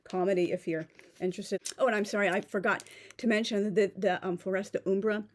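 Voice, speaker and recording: A woman's voice: medium pitch, steady tone, a little fast. A woman vlogging an unboxing, chatty and gushing, filling her talk with "um" and "like", a little nervous on camera. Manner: chatty, many "um" and "like" fillers; gushing, enthusiastic. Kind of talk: casual unboxing vlog.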